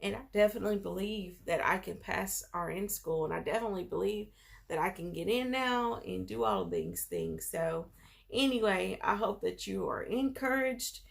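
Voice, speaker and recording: A woman in her thirties tells a personal story straight to the camera in a casual vlog. Her voice has a steady touch of vocal fry, and her tone stays upbeat and encouraging while her pitch sits mid-range. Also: normal speed. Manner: excited bursts when retelling good news. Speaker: school nurse.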